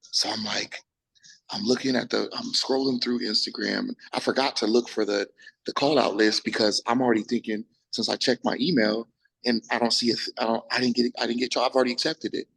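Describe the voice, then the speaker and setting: A young man, a bodybuilder, telling his story in a casual interview, animated and full of restarts, acting out quotes. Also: mid-range voice, fast, low-quality recording. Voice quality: gravelly, husky. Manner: animated, acts out quotes, frequent restarts and profanity.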